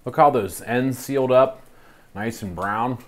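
A man's voice: medium pitch, a little slow, a little hiss or hum. A man co-hosting as a butcher, chatting casually and teasing his partner while they taste the food. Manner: teasing, relaxed. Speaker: butcher and co-host. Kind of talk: casual tasting chat.

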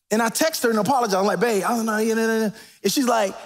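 A man preaching a sermon as pastor in a church, animated and preacherly, rising to near-shouts. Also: sits high, quick pace, few pauses. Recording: reverberant church sanctuary.

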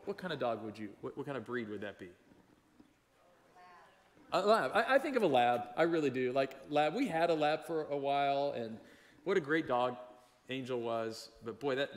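A man preaching a sermon as pastor, talking conversationally, asking the congregation questions and telling stories with lively energy. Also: mid-range voice, slight background noise. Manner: conversational, animated storytelling with audience questions. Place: church sanctuary. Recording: long church hall reverb.

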